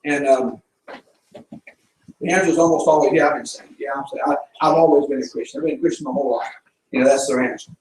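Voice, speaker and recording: This middle-aged missionary with a Southern accent speaks fast in a mid-range, darkish voice with fairly even intonation, giving a church a folksy, fervent presentation that mixes storytelling and preaching. He's captured from a distance in an echoey sanctuary, with a little hiss or hum.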